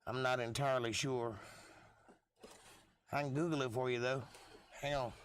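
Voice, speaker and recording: A hoarse man hosting a live stream, chatting in a rambling, offhand and jokey way, with the odd cough. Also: mid-range voice, fairly even intonation, normal speed, no room sound. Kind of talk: casual rambling chat.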